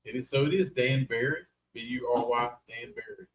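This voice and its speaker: A man's voice: mid-range voice, fairly quick, a little hiss or hum. A man with a North Carolina accent, co-hosting a casual live stream in a chatty, folksy, teasing way. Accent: Southern US, North Carolina. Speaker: co-host of paranormal live stream.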